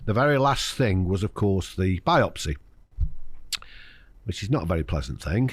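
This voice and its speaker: An older man with a fairly low voice, talking frankly as a podcast guest. His storytelling is lively, swinging through a wide range of pitch and slipping into the voices of others. The sound is close and dry. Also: normal speed, breathy edge, dry recording. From United Kingdom. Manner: frank, anecdotal, acts out quoted voices. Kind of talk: candid conversational storytelling.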